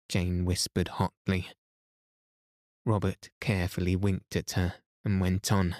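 A man reading a bedtime story aloud in a calm, soothing, unhurried way, as a sleep podcast host. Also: deep voice, no echo, clean studio sound.

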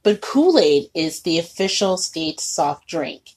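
A woman co-hosting a podcast in casual chat, laughing often and animated. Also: fairly low pitch, breathy edge. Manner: laughs often, animated, quick bursts of surprise. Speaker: podcast co-host.

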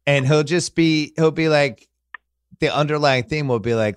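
A man's voice: fairly high pitch, moderate pace, slight background noise. A man hosting a podcast in casual chat, telling loose, rambling, joking stories. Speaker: podcast host.

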